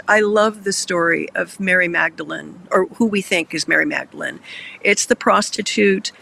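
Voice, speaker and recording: A man's voice: high-pitched, creaky, bright, forceful tone. A man hosting a Christian discussion show, telling Bible stories earnestly and getting emotional.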